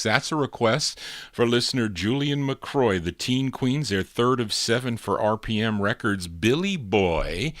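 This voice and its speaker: A man's voice: on the low side, a bit bright, no echo, studio quality. A man hosting a live oldies record show, chatting casually between songs with easy fillers. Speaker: radio DJ host.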